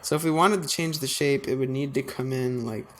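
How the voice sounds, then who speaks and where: A man's voice: mid-range voice, fairly quick, slight background noise. A man designing on a computer, thinking aloud in a casual, self-deprecating way. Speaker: designer narrating his work. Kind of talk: casual screen-recording commentary.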